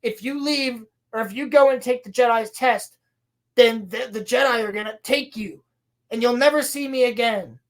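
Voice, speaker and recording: A woman's voice: on the high side, moderate pace, close to an everyday voice, low-quality recording. A woman voicing a worried mother warning her daughter, in a light, everyday voice close to her own. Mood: pleading. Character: worried mother of twin girls, pleading.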